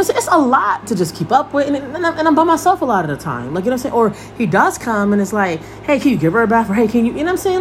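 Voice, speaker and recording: A young woman and podcast host telling a personal story in a blunt, profane, animated monologue. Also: sits high, a little hiss or hum. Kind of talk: casual monologue.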